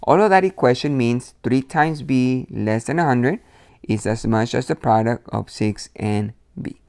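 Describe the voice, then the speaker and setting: A man teaches algebra at an unhurried pace, breaking each step down and checking in with his students as "you guys." His voice sits at a middle pitch and is recorded close and dry, with no room sound. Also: darkish tone, no room sound. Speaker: math teacher.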